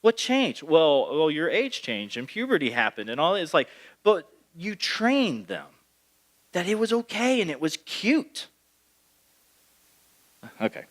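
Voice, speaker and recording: A man's voice: a little high, very animated, unhurried, long pauses, fairly bright tone. A man, the pastor, preaching a sermon in a conversational way, with asides and playful impressions of parents.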